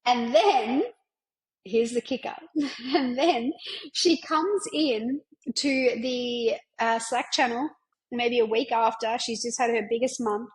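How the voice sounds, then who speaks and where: A woman's voice: a little high, slow pace, rough recording. A woman, hosting a podcast as a business mentor, talking in an enthusiastic, chatty way and often checking in with "right?". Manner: enthusiastic, chatty, frequent tag questions. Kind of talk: casual monologue.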